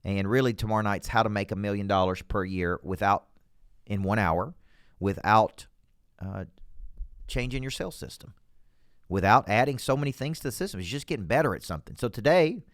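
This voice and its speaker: A man with a Southern US accent, a business coach hosting a motivational show from a studio, talking in a folksy, punchy, energetic way. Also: on the low side, no room sound. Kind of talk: motivational talk to camera.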